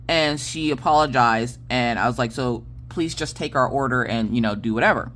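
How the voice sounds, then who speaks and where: Woman in her late thirties, chatty storytime vlog, animated, close mic. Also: a bass voice, moderate pace, few pauses, slight background noise. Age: 30s. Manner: animated storytelling, frequent "okay?" asides. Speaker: crafting channel host. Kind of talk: casual storytime chat.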